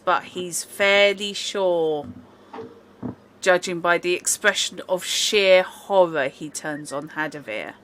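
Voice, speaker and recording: A woman narrating as game master of a tabletop game, talking in an unhurried, chatty way with asides. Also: on the low side, fairly bright tone, a little hiss or hum.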